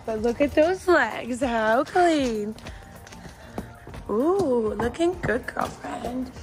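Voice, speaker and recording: A young woman with a slightly high voice chats her way through a horse-grooming vlog. She talks to the camera and coos at the animals beside her. Soft music runs faintly under her voice. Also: animated, drawn-out words. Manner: chatty, talks to her horses in a bright coaxing voice. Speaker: vlogger and horse owner. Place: outdoors and in a barn with horses.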